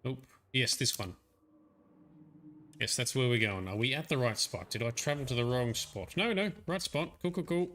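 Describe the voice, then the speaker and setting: Chatty Australian gaming streamer. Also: male voice, medium pitch, moderate pace, fairly bright tone, a little hiss or hum. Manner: chatty, laughs often. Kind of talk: let's play commentary.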